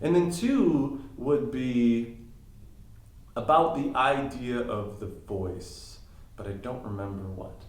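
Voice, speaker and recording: A man's voice: medium pitch, slow pace. Man coaching in a roomy echo. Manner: reflective, explains ideas step by step with emphatic rises. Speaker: voice and life coach, podcast guest. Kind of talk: casual interview talk.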